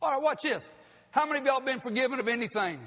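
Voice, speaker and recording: A pastor preaching a sermon in a church, folksy and joking with the congregation. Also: male voice, very high voice, lively intonation, fast talker, fairly bright tone. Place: church sanctuary. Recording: long hall reverb.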